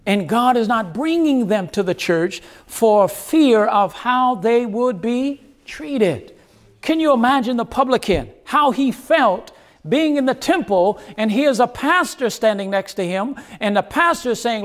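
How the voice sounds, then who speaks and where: High-voiced man preaching a sermon. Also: lively intonation. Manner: earnest preaching with dramatic pauses and repetitions. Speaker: pastor.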